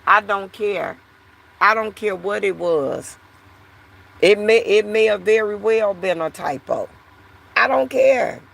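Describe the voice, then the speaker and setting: A woman's voice: mid-range voice, a little slow, vocal fry, fairly bright tone. A woman vlogger talking to her viewers in a casual, frustrated, repetitive way. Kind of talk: casual talk to camera.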